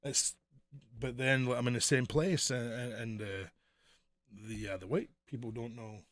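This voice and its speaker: A man with a mild, Americanized Scottish accent telling animated, profane stories as a podcast co-host. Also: mid-range voice, normal speed, dry recording. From Scotland. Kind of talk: casual chat.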